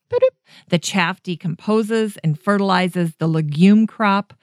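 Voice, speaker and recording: Woman host reading outtakes, laughing at her own slips; unhurried delivery, dead-dry room. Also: medium pitch, a little mellow, no echo. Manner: self-mocking, laughs at her own flubs. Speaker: podcast host. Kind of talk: recording outtakes, reading segments aloud.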